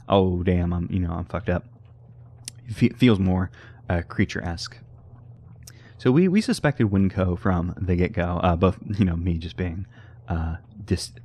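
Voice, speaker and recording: A man's voice: deep voice, a little mellow, husky. A man giving casual, rambling commentary on a horror game, often correcting himself with a wry tone. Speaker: let's play host.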